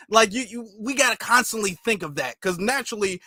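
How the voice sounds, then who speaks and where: High, bright Southern man talking casually. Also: a little fast, dry recording, clean studio sound. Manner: repetitive, conversational, asks the audience for agreement. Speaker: commentary channel host. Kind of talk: casual livestream commentary.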